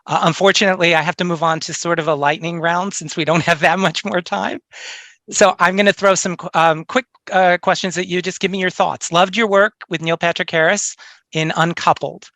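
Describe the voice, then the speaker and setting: A man interviewing an actress, asking quick questions in an enthusiastic, admiring way. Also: high voice, steady tone, bright, forceful tone, dry recording.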